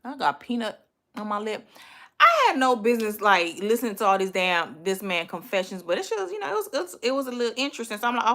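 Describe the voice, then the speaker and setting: A woman hosting a livestream, telling a story in an animated, profane, exasperated way. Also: mid-range voice, fast. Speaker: livestream host.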